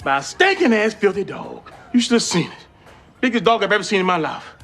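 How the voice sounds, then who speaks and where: A woman putting on the voice of a gruff older father griping about being bitten by a dog. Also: mid-range voice, big pitch swings, fairly quick, fairly bright tone, faint music behind, voice pushed down. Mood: grumbling.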